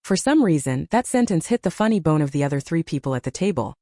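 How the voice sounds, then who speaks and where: A woman narrating a scripted story with an expressive reading. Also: deep voice, fast, no room sound, clean studio sound.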